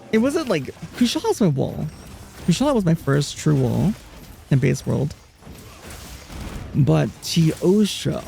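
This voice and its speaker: Soothing, gravelly-voiced male streamer. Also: on the high side, warm tone. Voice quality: soothing, relaxing voice. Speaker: live streamer. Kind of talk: casual chat, answering viewers while gaming.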